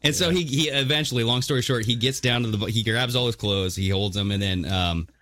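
A man's voice: mid-range voice, fairly quick. A man co-hosting a call-in show, telling a story with lots of laughs and acted-out voices. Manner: animated, acts out voices in his stories, laughs often. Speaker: podcast co-host telling a story.

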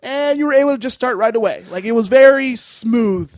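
A man's voice: extremely high pitch, brisk, darkish tone, no echo, clean studio sound. A young man appearing as a guest on a casual podcast, chatting eagerly and easily.

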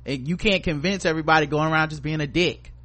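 A man co-hosting a podcast, his voice sitting a little high for a man. He talks in loose, casual chat and gives blunt, profane, strongly opinionated commentary. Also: quick pace, pushed and bright. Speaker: podcast co-host.

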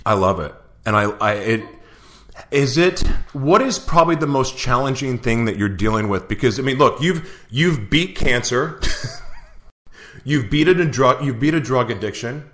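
A man's voice: medium pitch, animated, unhurried, a bit bright. A man hosting an interview, asking earnest, searching questions with frequent restarts. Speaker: interview host. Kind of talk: conversational interview.

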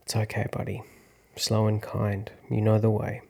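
A man in his thirties, an actor hosting a podcast, telling a personal story in a slow, reflective, hushed way. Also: lowish voice, completely flat delivery, gravelly, husky. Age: 30s. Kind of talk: first-person storytelling narration.

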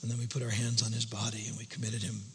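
A middle-aged male pastor telling a personal story in a sermon, shifting between loud outbursts and hushed whispers. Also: on the low side, monotone, fast. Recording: long hall reverb, faint hum.

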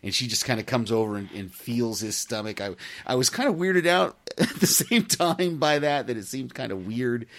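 A man's voice: medium pitch, lively intonation, normal speed. A man co-hosting a podcast, chatting casually and laughing often between restarts. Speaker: podcast co-host. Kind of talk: casual chat.

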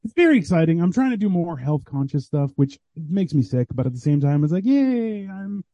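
Animated man with a dark voice. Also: on the high side, fairly quick, dry recording, highs cut off. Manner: animated storyteller, acts out quoted voices. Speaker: podcast guest, comedian. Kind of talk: casual chat.

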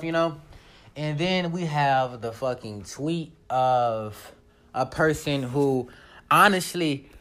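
A woman delivering a casual vlog rant, her pitch swinging widely as she gets worked up. She swears freely and laughs between points, talking straight to her viewers. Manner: animated, profane, laughs often. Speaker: vlogger.

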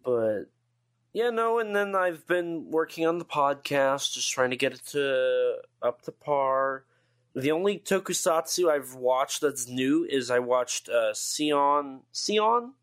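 A man's voice: mid-range voice, takes it slowly. A tired man co-hosting a podcast, chatting casually with lots of fillers and restarts. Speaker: podcast co-host. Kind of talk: casual chat.

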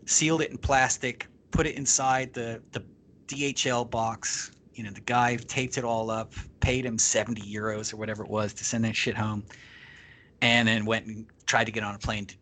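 A man with a mid-range voice shares a lengthy travel tale on someone's podcast. He's relaxed and lively, swears without holding back, and performs the voices of the people he's quoting.

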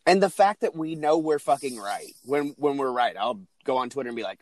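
A man's voice: medium pitch, expressive, brisk, no room sound. A man co-hosting a wrestling podcast, ranting in casual chat and swearing heavily. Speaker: podcast co-host.

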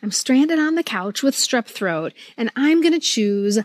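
A woman co-host joins in with quick reactions and follow-up questions. Her voice is fairly high and lively, with a touch of huskiness, and it is recorded dry and close. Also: dry recording. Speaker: podcast co-host. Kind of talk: casual chat.

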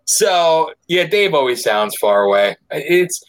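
Lively joking man hosting a podcast. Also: fairly high pitch, slow. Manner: joking, loose, swears freely. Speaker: podcast host. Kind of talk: casual chat.

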